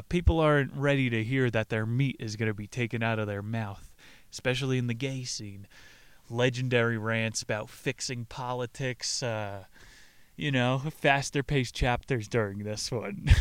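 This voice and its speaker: A brash young man hosting a comedic recap, riffing with crude jokes. His voice is smooth and clear at an ordinary pitch. The recording is dry and close to the mic. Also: normal speed, no room sound. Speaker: podcast host.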